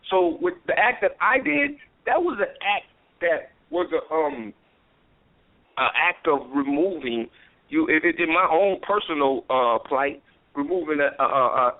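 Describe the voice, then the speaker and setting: A man being interviewed as a comedian guest, rambling and boastful with stammering restarts. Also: a little high. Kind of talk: casual phone-in interview. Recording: tinny phone line on radio.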